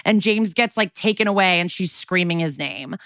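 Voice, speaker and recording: A woman with a fairly low voice, recapping a show in a loose, chatty way and leaning on "like" as she goes. She swears casually, and the close mic sounds dry. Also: moderate pace, fairly bright tone, no echo. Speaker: podcast co-host.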